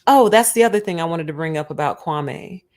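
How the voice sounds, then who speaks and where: Brief: lower-voiced woman, emphatic streamer talking casually about faith. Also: expressive, fairly quick, a little mellow. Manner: emphatic and conversational. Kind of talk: casual spiritual commentary.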